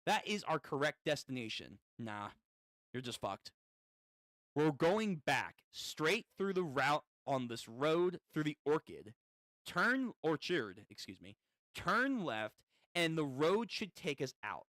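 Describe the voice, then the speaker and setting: A man reading a comic aloud in a casual, unhurried way, breaking off to react and swear. His pitch swings widely, and the recording is dry and close. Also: sing-song, fairly bright tone, no room sound. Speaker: comic read-through host.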